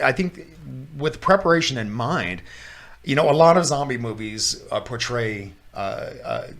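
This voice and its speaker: A man's voice: medium pitch, fairly bright tone. Guy rambling on a chat podcast, keeps restarting his sentences, laughs a lot. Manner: rambling, restarts often, laughs while talking. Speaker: podcast co-host. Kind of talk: casual chat.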